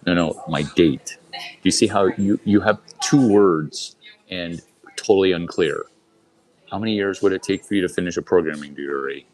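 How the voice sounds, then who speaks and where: Deep-voiced man, crude swaggering stand-up. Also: moderate pace, a little mellow, rough recording. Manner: crude, boastful, rambling, talks to the crowd. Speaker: open-mic performer. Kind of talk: stand-up storytelling. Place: comedy club stage.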